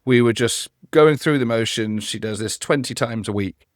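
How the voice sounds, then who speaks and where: A man who consults on customer experience talks as a podcast guest and spins anecdotes with energy. His voice sits at a typical middle pitch. He is close-miked in a dry space. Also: moderate pace, no echo. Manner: animated storyteller. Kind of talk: conversational interview.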